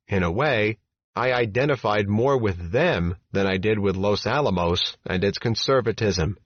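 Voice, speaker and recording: A low-voiced man reads a first-person memoir as an audiobook in a measured, steady way. The recording is dry, with no room sound, and slightly dull and muffled. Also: no room sound. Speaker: audiobook narrator. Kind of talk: scripted first-person narration.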